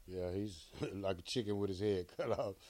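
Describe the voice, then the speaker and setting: Lowish voiced guy talking football technique, plain and practical. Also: normal speed, darkish tone. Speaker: football analyst. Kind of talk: casual sports talk.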